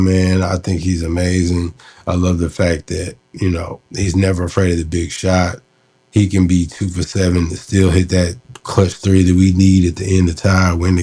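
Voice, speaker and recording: Low, husky man host; relaxed, rambling commentary. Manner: relaxed, explanatory, many fillers. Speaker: host looking back on an old interview. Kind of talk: casual commentary.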